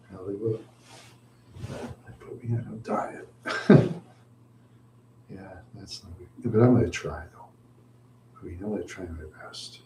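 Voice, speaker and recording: A man's voice: lowish voice, unhurried, long pauses, reverberant, background noise. A man hosting a livestream, rambling and out of breath, sighing and trailing off as he chats. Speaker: livestream host.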